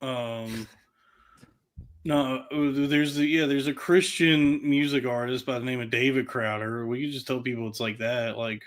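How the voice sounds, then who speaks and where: A man's voice: medium pitch, fairly even intonation, a little slow. A man co-hosting a podcast in loose, laughing banter. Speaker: podcast co-host. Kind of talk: casual chat.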